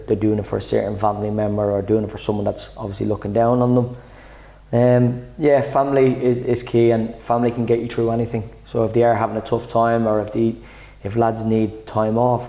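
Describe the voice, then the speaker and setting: A man's voice: fairly low pitch, vocal fry, warm tone, poor audio. A man, the club's head coach, answering interview questions in a chatty way, often repeating words as he starts a thought. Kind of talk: sit-down interview.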